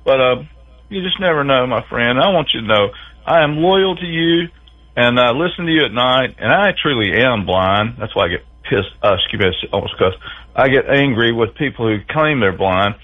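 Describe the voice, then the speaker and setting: A man's voice: medium pitch, lively intonation, normal speed. A man calling in to a radio show, rambling in a folksy, meandering way. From Tennessee. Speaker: caller. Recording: tinny phone line.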